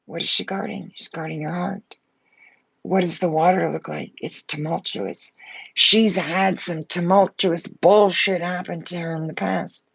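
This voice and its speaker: Gravelly fired-up woman reading tarot. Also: lowish voice, no room sound, highs cut off. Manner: blunt, fired up, swears freely. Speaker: tarot reader.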